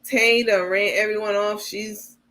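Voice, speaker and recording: A woman's voice: mid-range voice, steady tone, measured pace, a bit bright. A woman hosting a livestream, giving casual commentary in a blunt, outspoken way with some profanity and asides to her viewers. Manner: addresses viewers as "baby" and "you guys". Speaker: livestream host.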